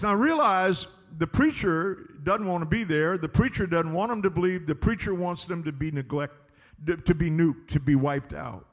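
A slightly high male voice with lively intonation moves at normal speed through a church sermon. He leans on emphasis and repetition, pressing the congregation with call-and-response lines, while the sanctuary's long hall reverb surrounds him.

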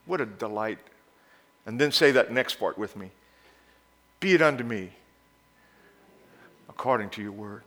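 A male pastor preaching a sermon. He moves from quiet, intimate passages to loud exhortation and leads the congregation in call-and-response. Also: fairly low pitch, expressive, a little slow, pauses often.

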